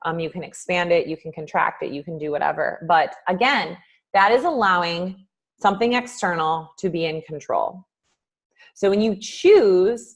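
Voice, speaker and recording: A woman life coach giving a casual, live-streamed motivational talk, acting out inner voices with big swings in pitch and loudness, with many ums. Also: animated, moderate pace.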